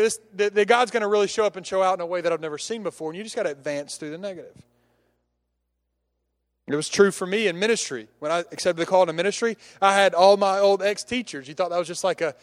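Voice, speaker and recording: A man preaching a sermon, telling a humorous story with many restarts and acting out the characters' lines. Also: high voice.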